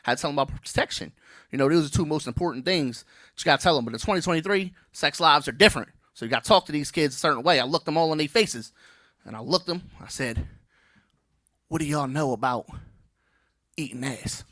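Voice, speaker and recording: A man's voice: fairly high pitch, quick pace, fairly bright tone, dry recording, clean studio sound. A man in his thirties doing a brash, playful stand-up comedy set on stage, teasing the crowd.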